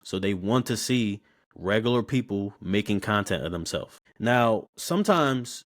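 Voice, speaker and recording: A man, telling stories as a podcast guest in a loose, slangy, animated way. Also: fairly low pitch, unhurried. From Baltimore, USA. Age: 20s. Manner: animated, slangy, repeats words when starting sentences. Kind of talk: casual interview storytelling.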